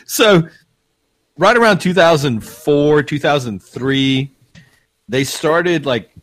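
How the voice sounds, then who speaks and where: A man's voice: fairly high pitch, takes it slowly, a bit bright. A young man from Minnesota, rambling through a profane story in casual chat.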